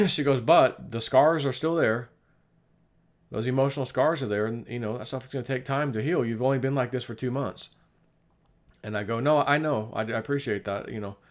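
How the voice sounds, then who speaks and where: Middle-aged male vlogger, loose confessional monologue, mid pitch, acts out dialogue. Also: quick pace. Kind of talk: casual personal monologue.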